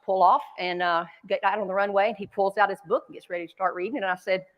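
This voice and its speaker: A woman's voice: mid-range voice, fairly even intonation, fast, highs cut off. A woman from North Carolina with a Southern accent, giving a keynote talk as a chatty, self-deprecating storyteller in a large conference hall. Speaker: keynote speaker. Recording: long hall reverb.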